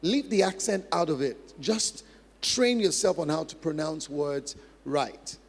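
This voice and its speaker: A man's voice: a little high, lively intonation, a little slow, vocal fry. A man preaching a sermon as pastor, emphatic, repeating key phrases and acting out practice drills. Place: large church hall. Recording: long hall reverb.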